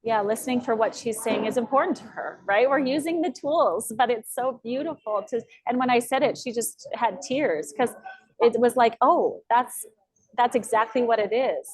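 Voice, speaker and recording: A woman coach guiding a group call with a slightly high voice. She affirms what others share and asks reflective, open questions. The sound is that of a video call. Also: moderate pace, slightly rough, dry recording, low-quality recording.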